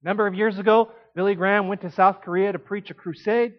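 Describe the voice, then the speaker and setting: A man preaching a sermon in an animated, conversational way, with emphatic asides. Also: sits high, quick pace, lo-fi sound.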